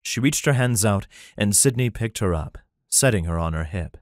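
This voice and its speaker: A man narrating a fantasy romance audiobook in an even, plain storytelling manner. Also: fairly low pitch, normal speed, no room sound, studio quality. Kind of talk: scripted narration.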